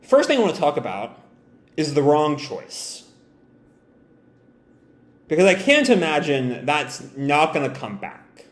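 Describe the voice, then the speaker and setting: A man reads a comic chapter aloud and reacts as he goes, pausing often with fillers and restarting his sentences. His voice sits on the higher side for a man, and the recording carries a noticeable roomy echo. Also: sing-song. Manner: halting, with frequent fillers and self-corrections. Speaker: manga reaction video host.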